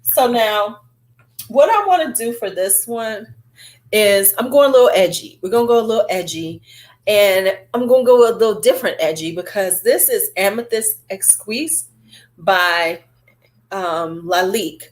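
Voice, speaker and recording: A woman talks through her perfume and lipstick collection in a loose, chatty vlog. Her voice sits at a middle pitch, and she rambles with fillers and side comments. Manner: chatty and animated, drawn-out fillers. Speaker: beauty vlogger. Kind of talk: casual beauty review chat.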